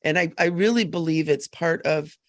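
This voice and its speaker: A woman psychic medium in an earnest, emphatic live-stream chat, full of quick asides, on a webcam mic. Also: sits low, dry recording, studio quality.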